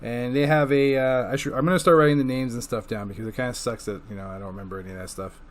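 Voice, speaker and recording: A man's voice: medium pitch, steady tone, quick pace, a crowd in the background. A man giving a loose, casual recap of comic books he has read, full of filler words and swearing. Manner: loose and profane, with filler words and acted-out quotes. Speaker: comic book reviewer.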